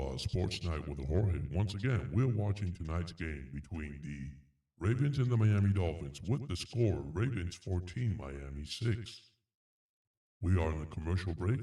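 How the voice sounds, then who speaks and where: A man putting on a deep male announcer voice with a booming, drawn-out delivery. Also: lively intonation, warm tone, echoey room, distant mic. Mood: announcing.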